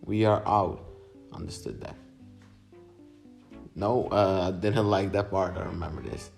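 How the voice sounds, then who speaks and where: A man's voice: sits low, sing-song, a little slow, creaky, a little mellow, soft background music. A young man vlogger casually commenting on his own silent video, laid-back, swearing and mocking himself.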